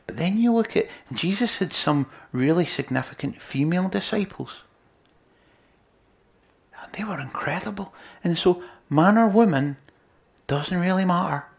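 A man preaching a sermon, earnest, moving between loud emphasis and quiet, near-whispered lines. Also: high-pitched, lively intonation, moderate pace, gravelly.

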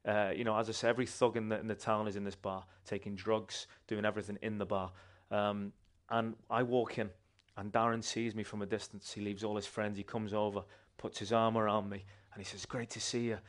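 Man telling a lively testimony. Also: on the low side, fairly quick, hardly any pauses. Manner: animated, conversational storytelling with restarts. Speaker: church member giving testimony. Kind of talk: personal testimony storytelling.

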